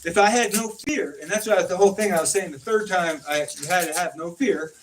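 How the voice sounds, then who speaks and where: A man spins tales in loose, casual conversation, jumping into the voices of the people he quotes. His voice sits somewhat high for a man. He is caught from a distance, with a faint hiss under the recording. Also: a little fast. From California. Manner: animated storyteller, acts out quoted dialogue. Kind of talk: casual storytelling chat. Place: informal home conversation. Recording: distant mic with faint noise.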